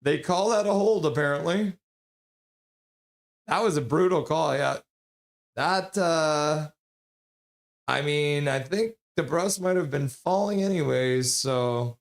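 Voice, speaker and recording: A man streaming live play-by-play commentary, joking with viewers between calls and getting loud and excited on big plays. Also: on the high side, slow, gravelly, pauses often. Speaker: streamer calling the game live.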